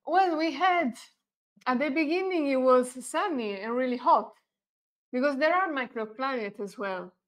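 A woman's voice: sits high, a little slow. A woman from Italy with an Italian accent, co-hosting a casual live chat and often tagging sentences with a questioning "no?". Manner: chatty, ends thoughts with a questioning "no?". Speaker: co-host.

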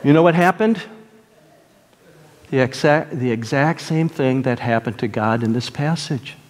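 A man preaching a sermon as pastor, moving between loud, emphatic points and quiet, earnest prayer. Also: medium pitch, unhurried. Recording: long reverb of a large hall.

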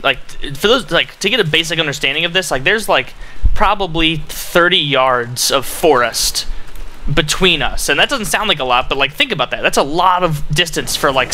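Young male gaming commentator, very bright tone, rambling casual chat, faint game noise behind. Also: fairly high pitch. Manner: rambling, filler-heavy storytelling.

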